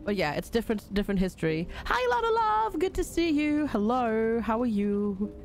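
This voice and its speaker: A woman's voice: on the high side, very animated, moderate pace. A woman casually commenting on a game during a live stream, reading on-screen tutorial text aloud and chatting with and thanking viewers.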